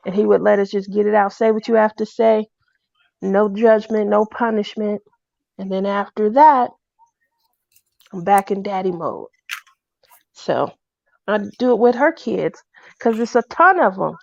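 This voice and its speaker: A woman telling a personal story in a casual, animated way. She acts out the people she quotes in a loud voice. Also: medium pitch, a little slow, gravelly, pauses often, no echo. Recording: dull, dry lo-fi recording.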